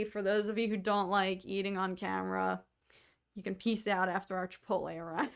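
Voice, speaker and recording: A young woman from the United States, co-hosting a podcast, chatting casually to viewers with quick asides and frequent laughter. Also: medium pitch, fairly even intonation, vocal fry, clear, resonant tone. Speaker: podcast co-host. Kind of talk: casual solo chat to viewers.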